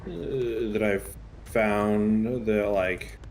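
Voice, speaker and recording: A man's voice: fairly low pitch, fairly even intonation, extremely slow, a little mellow. A young man from Indiana bluntly arguing in casual chat while gaming. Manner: blunt, argumentative. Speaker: co-player. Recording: very noisy home mic.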